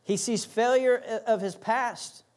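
Man, pastor, sermon, high-pitched, emphatic, repetitive phrasing. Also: steady tone, slow pace, darkish tone. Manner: emphatic preaching with repeated phrases and acted asides.

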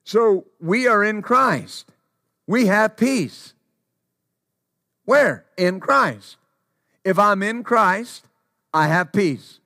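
A man's voice: sits high, animated, extremely slow, pauses often, sharp tone, dry recording, clean studio sound. A man preaching a sermon, repeating key phrases for emphasis and quoting scripture.

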